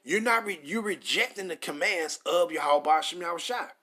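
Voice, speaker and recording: A man's voice: fairly high pitch, moderate pace, bright, forceful tone. A man preaching a confrontational sermon, reading verses aloud then ranting at listeners with heavy profanity and frequent stumbles. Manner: stumbles over words.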